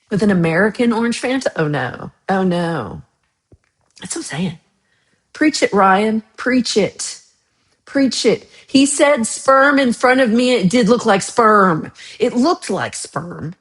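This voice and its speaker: Hosting a laid-back livestream, this woman from Texas talks to viewers in a chatty, teasing manner full of playful outrage. She speaks at medium pitch.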